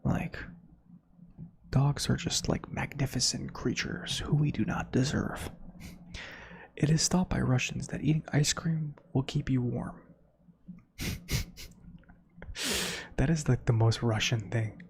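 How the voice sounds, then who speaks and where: A man hosting a soft-spoken ASMR reading of facts, softly whispering with chatty asides. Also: mid-range voice, slow pace, creaky, pauses often, breathy edge. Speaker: ASMR host.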